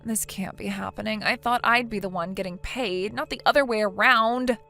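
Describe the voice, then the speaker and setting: A woman's voice: medium pitch, normal speed, vocal fry, bright, forceful tone, soft background music. A woman voicing a whiny, self-pitying wife. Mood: defensive. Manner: whiny, defensive. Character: self-pitying young wife who cheated. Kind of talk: text story narration.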